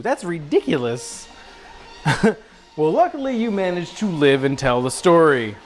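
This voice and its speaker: A man's voice: on the high side, big pitch swings, measured pace, soft background music. A young man hosting a casual cooking livestream, talking while he cooks at the stove, goofy and self-mocking, calling viewers bro and dude.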